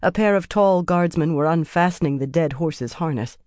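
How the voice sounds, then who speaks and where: An audiobook narrator reading fantasy fiction in an even, measured way. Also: medium pitch, no room sound, studio quality.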